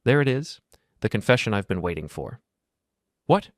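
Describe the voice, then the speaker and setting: A man narrating a first-person story in a calm, measured, coolly detached way. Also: lowish voice, no room sound, clean studio sound.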